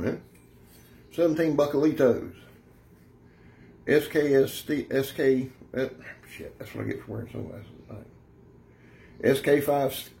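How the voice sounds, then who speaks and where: Gravelly folksy man. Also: mid-range voice, darkish tone, a little hiss or hum. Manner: folksy, rambling, brash, keeps calling viewers "son". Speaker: knife reviewer. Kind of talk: casual product review.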